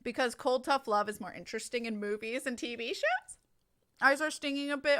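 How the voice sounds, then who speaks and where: While gaming on stream, a young adult woman chats candidly with her viewers, swearing freely and laughing a lot. Her fairly high voice is expressive, brisk, and a bit bright.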